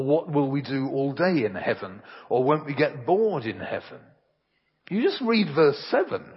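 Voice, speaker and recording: A man's voice: fairly high pitch, breathy edge. A man preaching an earnest, emphatic sermon and telling homely anecdotes, recorded in a church. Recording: reverberant hall, dull lo-fi sound.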